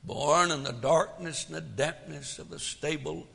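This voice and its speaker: A man's voice: fairly high pitch, unhurried, gravelly, a bit bright, husky, long reverb tail. A man preaching a sermon as pastor, folksy, full of rhetorical questions, swelling and dropping for drama.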